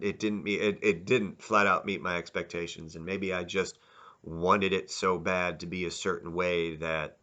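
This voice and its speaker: A man with a low, sharp-toned voice gives a casual spoken review as a video reviewer. He rambles, keeps restarting and correcting himself, and comes across as candid.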